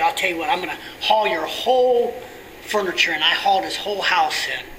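A middle-aged pastor telling a story in a sermon, often sinking to a hushed near-whisper. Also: male voice, fairly high pitch. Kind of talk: sermon testimony. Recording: distant mic with steady air conditioning hum.

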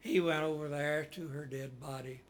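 A man's voice: on the high side, steady tone. A man preaching a sermon in a folksy, storytelling way, rising dramatically when he quotes. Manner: folksy, slow, with dramatic rises when quoting.

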